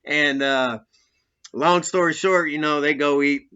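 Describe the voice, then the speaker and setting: A man's voice: on the high side, fairly even intonation, unhurried, bright, forceful tone, clean tone. A man telling rambling, profanity-laden stories about his time in prison, often laughing through them. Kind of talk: casual storytelling. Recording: dull lo-fi recording.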